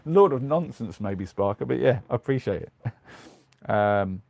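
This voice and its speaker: A man's voice: medium pitch, expressive, unhurried, vocal fry, darkish tone, no echo. A middle-aged man with a British accent, chatting casually on a live stream, rambling with lots of ums and restarts. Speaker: live streamer in his van. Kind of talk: casual live-stream chat reading comments. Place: small converted van at night.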